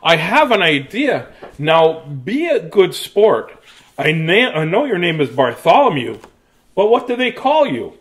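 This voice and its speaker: A man's voice: fairly high pitch, sing-song, measured pace, a bit bright, exaggerated voice. A man voicing a teasing dog coach. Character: bossy female dog coach.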